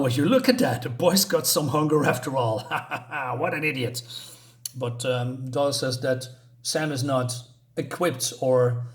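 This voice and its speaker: A man chats his way through a comic book review in a loose, casual manner. He rambles, stacking up fillers and restarting his sentences. His voice sits at an everyday middle pitch.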